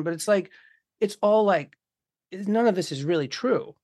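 A man's voice: high-pitched, animated, moderate pace, a little mellow, dry recording, clean studio sound. A man in casual conversation, talking with passion, swearing freely and acting out the voices of people he quotes. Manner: impassioned, swears often, acts out quoted voices.

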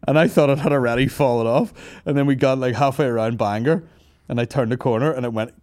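A man's voice: medium pitch, fairly quick, a little mellow, no echo, studio quality. A Northern Irish man in his thirties hosting a comedy podcast, telling a long, sweary story and laughing his way through it. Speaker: podcast host. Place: studio office.

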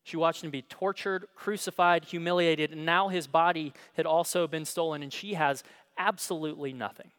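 A male pastor preaching a sermon, telling the story dramatically and swinging between hushed and emphatic delivery. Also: a little high, fairly even intonation, moderate pace, clean tone. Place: church.

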